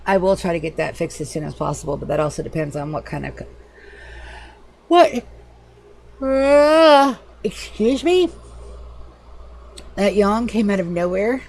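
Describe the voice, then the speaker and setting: A woman streaming a game live from home, chatting casually in a loose, profane, animated way at a desk microphone. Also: on the low side, fast, vocal fry, few pauses, breathy edge. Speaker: livestreamer. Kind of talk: casual gaming livestream chat.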